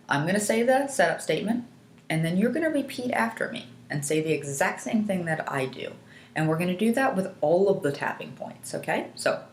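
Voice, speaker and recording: A woman instructor calmly guiding listeners step by step through a tapping technique, asking them to repeat after her. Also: lowish voice. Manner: calm, patient step-by-step guidance. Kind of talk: guided instructional demonstration. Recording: echoey room.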